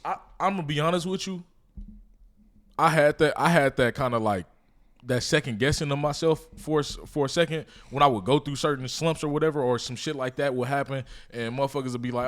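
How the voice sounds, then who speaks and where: A man, a DJ co-hosting a podcast, telling club stories with lots of swearing and quick agreement. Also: fairly high pitch. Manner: profane, animated storytelling with quick agreement. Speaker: DJ and podcast co-host. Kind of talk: casual podcast chat.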